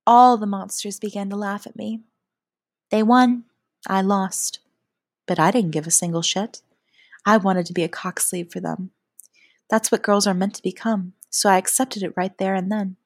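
A woman narrating a first-person adult audio story in a soft, often half-whispered delivery. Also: medium pitch, moderate pace, no echo, studio quality.

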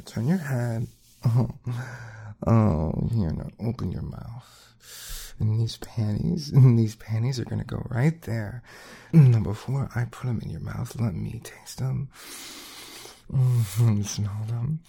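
A man in an intimate whispered role-play, speaking in a dominant, teasing murmur broken by moans and soft laughs. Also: medium pitch, steady tone, slow, vocal fry, slightly rough. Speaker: audio role-play performer.

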